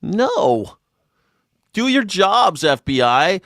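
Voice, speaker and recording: A male host ranting through casual political commentary, sarcastic and profane. His voice sits somewhat high for a man, and the sound is dry and close. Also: sing-song, very slow, fairly bright tone, no echo.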